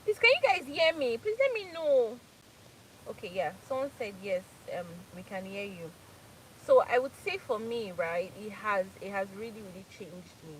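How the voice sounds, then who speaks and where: Lively Nigerian woman hosting a live chat. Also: medium pitch, normal speed, a little hiss or hum, rough recording. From Nigeria, Port Harcourt. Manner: laughs often, repeats phrases for emphasis. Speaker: live stream host.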